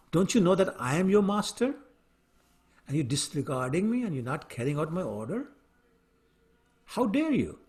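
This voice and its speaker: A man voicing an arrogant, hot-tempered king who mocks and scolds a servant in a retold story. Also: a little high. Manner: sarcastic, then yelling and scolding.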